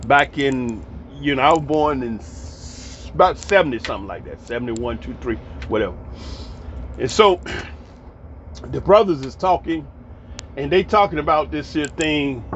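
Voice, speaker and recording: A man, telling old stories in a rambling, folksy monologue. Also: a little high. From Atlanta, Georgia, US. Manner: folksy, rambling, repeats words when he restarts. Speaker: storyteller vlogger. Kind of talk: casual storytelling monologue. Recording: dull lo-fi audio with faint background noise.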